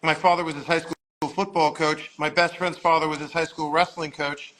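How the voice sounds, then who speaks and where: An animated New man of about sixty spins a rambling anecdote in a bright, forceful voice that sits a little high for a man. He leans into the voices of the people he quotes as he goes. A faint hum of ambience sits behind him. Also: a little fast, poor audio. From Long Island, New York. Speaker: guest storyteller. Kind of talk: casual anecdote telling. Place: modeling agency office.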